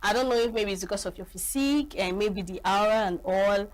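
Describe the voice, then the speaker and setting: A woman's voice: medium pitch, a little fast, rough recording. A woman hosting an interview, asking questions and agreeing often. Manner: friendly, agreeing, many short backchannels.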